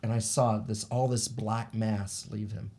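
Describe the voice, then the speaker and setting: A middle-aged man, telling a personal story in a casual, animated way. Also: fairly low pitch, a little slow. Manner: animated, acts out the voices of people in his stories. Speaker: shaman sharing paranormal stories.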